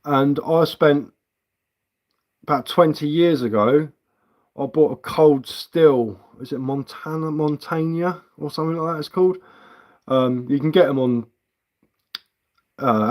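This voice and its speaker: A man from England hosting a casual livestream as a woodcarver, rambling bluntly and swearing casually while answering viewers. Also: mid-range voice. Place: indoors at home.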